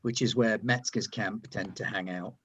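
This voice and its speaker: A man's voice: lowish voice, fairly even intonation, normal speed, fairly bright tone, slight background noise. A man narrating as game master, describing scenes patiently and reassuring his players.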